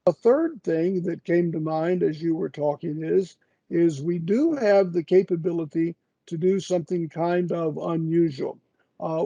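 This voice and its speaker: Older male expert, high-pitched and gravelly, slow halting delivery over a video call. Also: mellow, no echo, muffled recording. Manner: slow and halting, many drawn-out "uh"s. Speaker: guest expert answering questions. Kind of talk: webinar Q&A answer.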